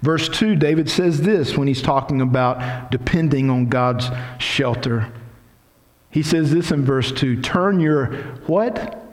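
A middle-aged man preaching a sermon in a church, voicing quoted prayers with strong emphasis. His voice sits a little high for a man, and a long reverb trails after each phrase. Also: slow pace. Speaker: pastor.

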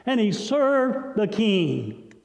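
High-voiced preacher in an echoing hall. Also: male voice, very animated, drawn-out words, creaky. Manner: dramatic storytelling, swinging from loud highs to hushed lows. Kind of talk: sermon. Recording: dull, lo-fi recording with long hall reverb.

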